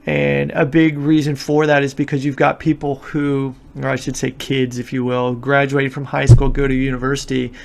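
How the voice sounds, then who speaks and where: A man's voice: mid-range voice, level tone, normal speed, gravelly, few pauses. A man talking casually in a podcast interview, explaining things at length with frequent fillers and restarts. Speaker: guest, martial arts instructor. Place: Japan.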